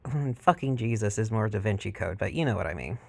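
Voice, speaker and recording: A man's voice: fairly low pitch, expressive, fast, creaky. A man vlogging in a casual, irreverent and profane way, retelling stories and slipping into mock voices. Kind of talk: casual chat.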